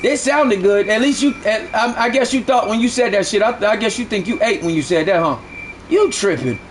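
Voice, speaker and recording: Guy with a real high voice going off on his chat live, cussing, saying stuff over and over. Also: expressive, a little fast, a little hiss or hum. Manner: heated, repetitive, profane arguing. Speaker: live game streamer. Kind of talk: ranting at live chat during a stream.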